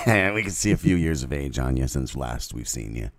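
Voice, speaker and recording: A man's voice: extremely low pitch, animated, normal speed. A man co-hosting a live stream, bantering and teasing in a loose, jokey way. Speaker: podcast co-host. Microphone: video call.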